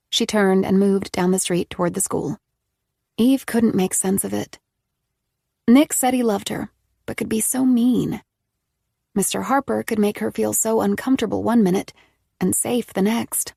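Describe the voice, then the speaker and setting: A woman narrating an audiobook in a steady, measured way. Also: medium pitch, gravelly, dry recording, studio quality.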